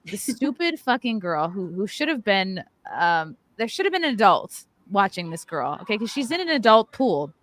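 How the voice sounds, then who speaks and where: Animated, profane woman telling a story. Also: mid-range voice, normal speed, hardly any pauses, no echo. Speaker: podcast host. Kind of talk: casual podcast chat.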